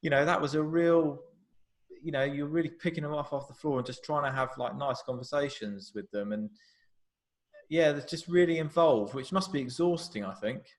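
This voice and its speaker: A man's voice: fairly high pitch, normal speed. A man who directs and produces films, telling behind-the-scenes stories animatedly in a live Q&A, acting out quotes and often restarting sentences. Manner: animated storyteller, acts out quotes, frequent restarts. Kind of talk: live Q&A conversation.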